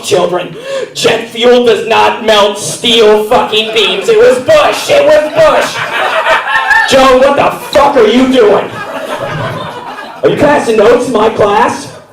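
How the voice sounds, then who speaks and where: A man acting out a manic, swearing schoolteacher on meth who shouts and rants in a frantic rush. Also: very high voice, slow, distant mic, over music, voice pushed up, exaggerated voice. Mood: manic ranting. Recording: roomy theater sound from afar.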